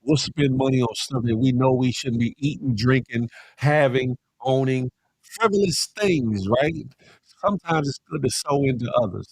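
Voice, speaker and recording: A middle-aged man hosting a casual live morning show, animated and slangy, calling out chat names and preaching a little. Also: mid-range voice, moderate pace, husky, dry recording, clean studio sound. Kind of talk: casual live-stream chat reading viewer comments.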